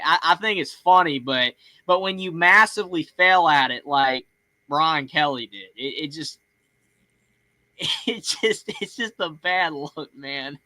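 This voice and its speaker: Bright-voiced Southern man rambling casually. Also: high voice, no echo. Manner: rambling, lots of fillers and restarts. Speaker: call-in show host. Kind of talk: casual chat.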